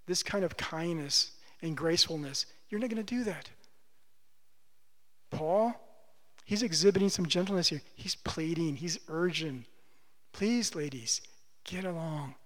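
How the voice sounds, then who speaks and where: Male pastor, high voice, emphatic pleading sermon, big echoing hall. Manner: pleading, emphatic preaching with slow drawn-out phrases.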